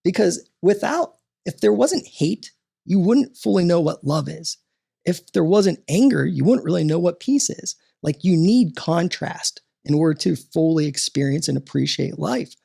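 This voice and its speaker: A man talking as a podcast guest and coach, animated and motivational, often tossing in "right?" as he talks. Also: fairly high pitch, moderate pace, creaky, slightly rough.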